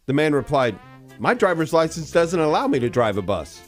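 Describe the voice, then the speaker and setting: Radio guy telling jokes, chuckles a lot, bouncy pitch. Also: big pitch swings, moderate pace, soft background music. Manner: chuckling often, joking, playful. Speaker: radio show co-host. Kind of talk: joke-telling radio banter. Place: radio studio.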